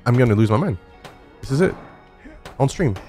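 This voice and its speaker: A man's voice: medium pitch, lively intonation, moderate pace, mellow, soft background music. A man streaming a climbing game live, talking to chat in a frantic, swearing way and laughing at himself. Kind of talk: live gameplay commentary. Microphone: studio dynamic microphone.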